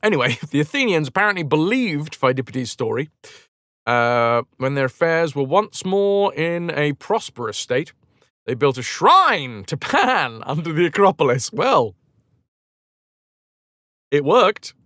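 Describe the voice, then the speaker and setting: A streamer reads an old history aloud and cuts in with sarcastic jokes, his somewhat high voice swinging up and down a lot. It sounds close and dry, with no room echo. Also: sing-song, measured pace, fairly bright tone. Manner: sarcastic, joking. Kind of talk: reading history aloud with comic asides.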